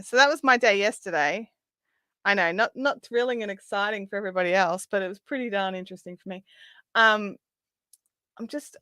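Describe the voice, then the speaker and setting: A woman's voice: a little high, fairly bright tone, no room sound, clean studio sound. A young Australian woman hosting a craft livestream, chatting casually while she knits and reads out viewer comments. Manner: chatty, laughing, quick asides with many ums.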